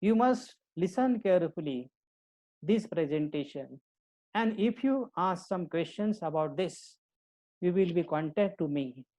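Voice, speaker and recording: A woman teacher giving a recorded lecture to her students, explaining slowly and deliberately and often repeating and restarting her points. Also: lowish voice, expressive, dark tone, poor audio. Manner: slow, deliberate explaining with frequent restarts and repetition.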